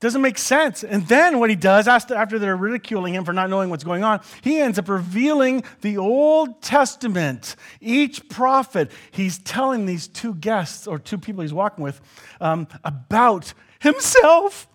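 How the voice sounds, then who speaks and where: A man's voice: sing-song, moderate pace. A man preaching a casual sermon in a church hall, acting out quoted dialogue as he talks. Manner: conversational, acts out quoted dialogue with swings in pitch and volume. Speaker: pastor.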